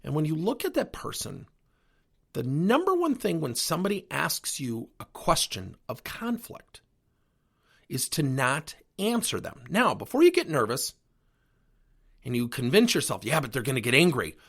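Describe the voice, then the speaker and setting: Man, podcast host, husky voice, very animated pitch, coaching monologue. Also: unhurried. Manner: animated storytelling with acted-out dialogue.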